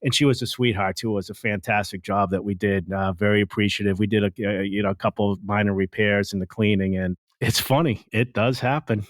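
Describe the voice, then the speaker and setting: A man's voice: fairly low pitch, a little fast, hardly any pauses, no echo, studio quality. A man talking enthusiastically as a guest in a casual podcast interview, telling stories about his business. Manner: enthusiastic, animated storyteller. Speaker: franchise owner, guest.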